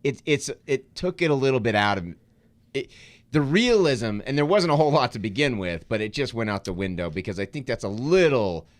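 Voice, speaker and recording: A man's voice: mid-range voice, animated, fairly quick, dry recording. A man co-hosting a casual movie podcast, reflective and hesitant, repeating words as he thinks. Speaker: podcast co-host. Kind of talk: casual film discussion.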